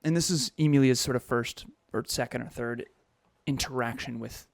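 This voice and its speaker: A man's voice: mid-range voice, moderate pace, gravelly, no room sound, clean studio sound. A man in his thirties co-hosting a podcast, telling a personal story in an emotional, confessional way with frequent restarts. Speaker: podcast co-host.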